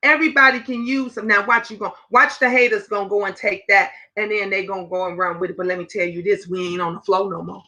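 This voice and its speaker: A woman in her fifties hosting a casual livestream chat, animated and talking straight to her viewers. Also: medium pitch, quick pace, few pauses, rough recording. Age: 50s. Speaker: livestream host.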